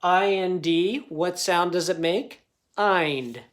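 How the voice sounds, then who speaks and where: A man talks slowly and patiently through a phonics lesson for young students. He takes his time, sounds out each letter and word with care, and keeps checking in with a gentle "okay?" after almost every point. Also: high-pitched, level tone. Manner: slow, patient, ends most sentences with a checking "okay?"; sounds out words and letters carefully. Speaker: teacher.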